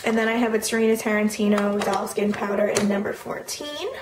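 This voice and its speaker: A young woman in college, casually walking through her makeup collection and listing products in a chatty way with the occasional filler. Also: medium pitch. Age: young adult. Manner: chatty, lists items quickly with fillers. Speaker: beauty vlogger. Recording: echoey room with noticeable noise.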